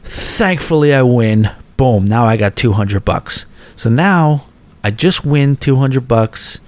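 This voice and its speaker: A man hosting a podcast, telling a casual story and quoting people in lively raised voices. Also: medium pitch, takes it slowly, no room sound. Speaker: podcast host.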